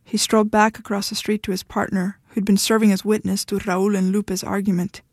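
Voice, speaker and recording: A woman author reading her short fiction aloud in a measured storytelling manner. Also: medium pitch, level tone, darkish tone, no room sound, studio quality.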